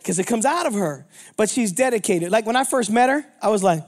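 A man in his fifties from Pittsburgh, preaching an energetic, joking sermon as a traveling minister, often throwing questions to the congregation. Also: high-pitched, brisk. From Pittsburgh, United States.

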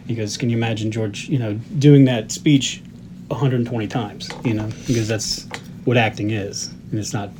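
A man's voice: on the low side, steady tone, normal speed, background noise. A man co-hosting a casual movie podcast, throwing in joking asides and retelling what others said. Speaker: podcast co-host. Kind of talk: casual chat.

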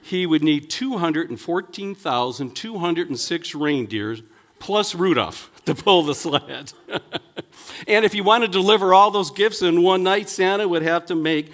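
A man's voice: high-pitched, animated, measured pace, fairly bright tone. A man, a pastor, giving a folksy sermon full of jokes and stories, talking in a chatty way with many "you know"s. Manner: chatty, leans on "you know" between thoughts; playful, builds toward punchlines.

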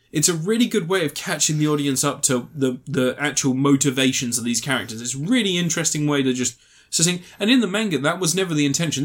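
A young man talking through a film in a loose, casual chat, his voice sitting a little higher than most men's. He rambles and swears freely, laughs at his own stories, and keeps restarting sentences as he goes. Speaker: film reviewer.

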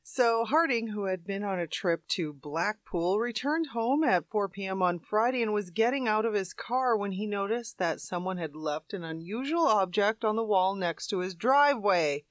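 A woman's voice: medium pitch, animated, normal speed, hardly any pauses, no room sound, studio quality. A woman co-hosting a comic show, reading out odd news items. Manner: reads quirky stories, laughs along. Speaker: co-host. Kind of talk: reading news stories aloud.

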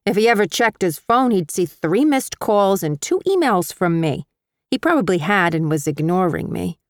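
A woman narrating an audiobook in the first person with wry, measured storytelling. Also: lowish voice, big pitch swings, no room sound, clean studio sound.

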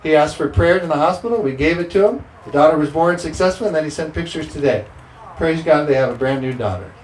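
A man's voice: a little high, fast talker, a little hiss or hum. A man preaching a sermon as pastor, emphatic and repeating scripture declarations. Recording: roomy sound with faint ambience.

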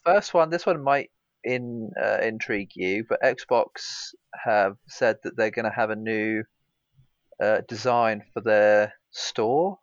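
A man's voice: lowish voice, takes it slowly, dry recording. A man co-hosting a podcast, talking in a laid-back, rambling way. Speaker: podcast co-host. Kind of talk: casual chat. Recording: dry, dull lo-fi sound.

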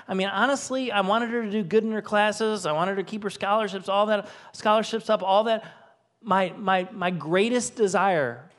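A man's voice: sits high, fairly bright tone. A man in his forties, a co-lead pastor, preaching a sermon to his congregation with earnest, emotional personal stories. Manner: earnest, emotional storytelling with rising emphasis. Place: church stage before a congregation.

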